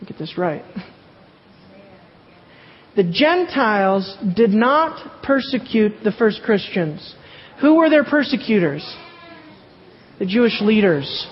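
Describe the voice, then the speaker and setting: A preacher with a husky, breathy voice teaches through scripture verse by verse, reading each passage and then firing off questions that they answer themselves. The sound is a touch muffled and rings with a long hall reverb. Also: medium pitch, very animated, takes it slowly, long pauses. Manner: reads verses aloud, then poses and answers rhetorical questions. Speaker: Bible teacher. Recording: dull, echoey hall recording.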